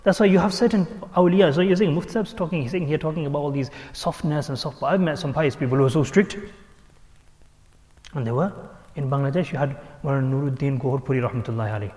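A man's voice: on the high side, fast talker. Man telling stories in a reverberant hall. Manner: animated storyteller who acts out quoted speech, with frequent restarts. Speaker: religious teacher. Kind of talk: storytelling sermon.

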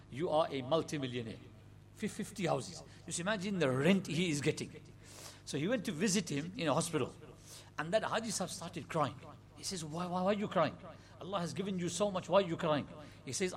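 A man's voice: a little high, fairly bright tone. A man preaching a sermon in an earnest, emphatic way, reciting Arabic and quoting Urdu phrases. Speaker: Islamic preacher.

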